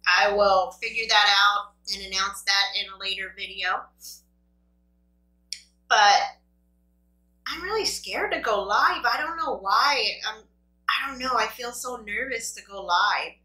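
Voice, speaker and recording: A woman with a bright, forceful voice chats casually to her viewers while she eats, rambling and poking fun at herself. The sound bounces around an echoey room. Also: mid-range voice, a little slow, pauses often, recorded from a distance. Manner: rambling, self-deprecating, talks to viewers. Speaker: mukbang host. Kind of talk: casual chat while eating.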